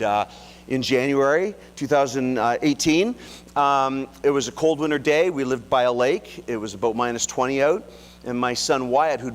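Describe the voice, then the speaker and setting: A middle-aged pastor telling a personal, emotional story in a sermon, acting out the dialogue. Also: male voice, medium pitch. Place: large church hall. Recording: long hall reverb, faint hum.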